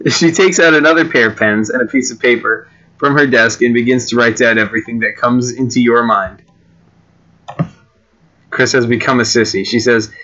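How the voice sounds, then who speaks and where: A man reads homemade stories aloud in a loose, chatty way, stopping for fillers and side comments. His tone is bright and forceful. The recording is a bit dull and lo-fi. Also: medium pitch. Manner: chatty, breaks off with fillers and asides. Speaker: reader and creator of homemade games. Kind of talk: casual read-aloud of generated stories.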